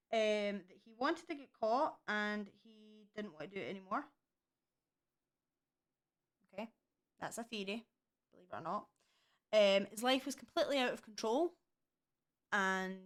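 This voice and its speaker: A young woman casually chatting through a true crime case, indignant and swearing freely. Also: mid-range voice. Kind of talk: casual chat.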